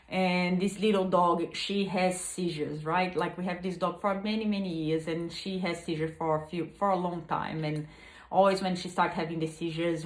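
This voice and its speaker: A woman speaking earnestly to her viewers from home, urging and pleading with many restarts. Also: lowish voice. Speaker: vlogger. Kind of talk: heartfelt motivational talk to camera. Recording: echoey room.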